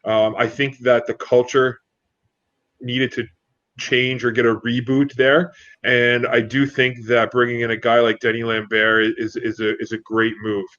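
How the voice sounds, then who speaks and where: Co-hosting a sports talk show, a man with a mid-range, slightly bright voice speaks in a flat, unhurried way. He chats casually and tells rambling stories packed with fillers, captured in dull, dry lo-fi audio.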